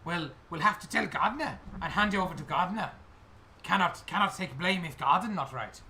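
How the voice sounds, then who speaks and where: A man's voice: sits high, lively intonation, a little fast, bright, forceful tone, slight background noise, heavily acted. A man doing a fussy goblin guide. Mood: officious. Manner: broken grammar, officious.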